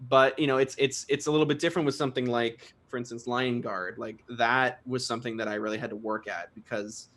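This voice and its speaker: A man's voice: medium pitch, fairly even intonation, a little fast, fairly bright tone. A young man, a guest singer, talking casually in an interview, chatty and self-deprecating, laughing often and restarting sentences.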